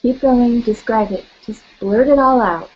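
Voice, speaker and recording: Calling out tapping points one by one, a woman leads a guided tapping session and gently walks listeners through affirmations. She speaks at a measured pace in a fairly high voice, and the recording's highs are cut off.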